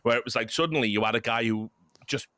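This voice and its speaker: A man's voice: mid-range voice, fast talker, bright, forceful tone, no room sound. An English man casting esports, chatty and jokey, telling stories between rounds. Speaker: esports caster. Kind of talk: casual commentary banter.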